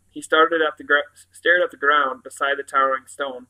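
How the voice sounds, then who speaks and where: A man reading a children's novel aloud in a steady manner, with occasional slips and restarts. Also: a little high, a little fast, hardly any pauses, rough recording. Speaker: reader.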